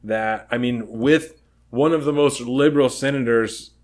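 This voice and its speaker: A man's voice: medium pitch, measured pace. A man co-hosting a casual political chat podcast, emphatic and heavy on "you know". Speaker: podcast co-host.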